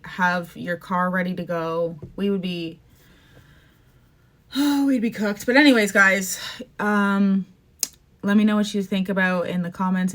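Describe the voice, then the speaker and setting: A woman's voice: lowish voice, a bit bright. Emotional Canadian woman podcasting. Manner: emotional, fast-shifting, says "like" and "um" often. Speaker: podcast host. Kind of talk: casual opinion rant.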